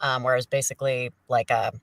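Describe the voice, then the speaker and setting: A woman's voice: extremely low pitch, level tone, brisk, no room sound, distant mic. Hesitant woman guest in a small booth. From northern New Jersey. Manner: hesitant, laughing, self-deprecating. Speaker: voice actress guest. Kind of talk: casual podcast interview. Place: small padded home booth.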